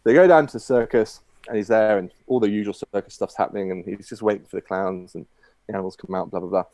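A man's voice: fairly low pitch, quick pace, a little mellow, dry recording. Male guest, rambling storyteller, lots of fillers, dry recording. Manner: rambling, many fillers and restarts. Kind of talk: telling a long shaggy dog joke.

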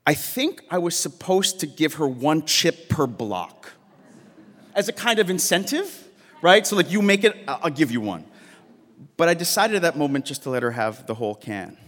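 Man storyteller with a slightly high voice, halting, repeats himself, in a long-reverb live hall. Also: big pitch swings, a bit bright. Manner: halting, repeats words, laughs while telling.

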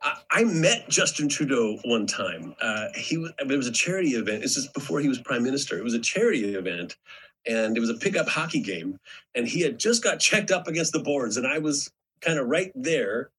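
A man's voice: mid-range voice, very animated, brisk, fairly bright tone, slightly rough, low-quality recording. A middle-aged man from Alberta, Canada, hosting a podcast and telling rambling anecdotes in casual chat. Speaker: podcast host.

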